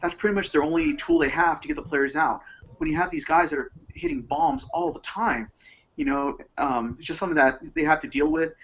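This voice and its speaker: An excitable man tells stories with enthusiasm on a sports panel call. His pitch jumps around a lot and sits a little high. The call audio sounds dull and muffled. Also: gravelly, slightly rough. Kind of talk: casual panel talk over a call.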